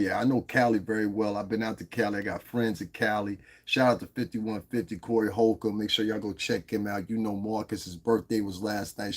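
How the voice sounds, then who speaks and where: A middle-aged man hosting an unscripted livestream, talking bluntly and with a lot of swearing straight to the viewers in his chat. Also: on the low side. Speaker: livestream host. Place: lives in Las Vegas.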